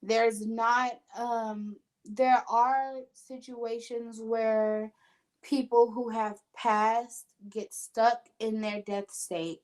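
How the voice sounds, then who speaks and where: A woman's voice: a little high, fairly even intonation, extremely slow, darkish tone. Earnest woman medium telling stories. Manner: earnest, emotional storytelling with quoted voices. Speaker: spiritual medium and show host. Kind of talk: casual podcast conversation.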